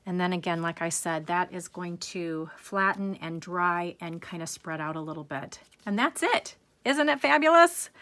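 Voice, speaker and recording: A woman's voice: lowish voice, a bit bright. A middle-aged woman hosting a card-making tutorial, chatty and enthusiastic as she works through each step. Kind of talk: crafting tutorial.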